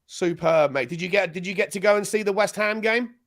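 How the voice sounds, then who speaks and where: A man from Britain chats through a casual live watchalong stream. His voice sits a little high, and he rambles and restarts his sentences as he talks. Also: fairly quick, fairly bright tone. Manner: chatty, loose, restarts sentences often. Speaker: host.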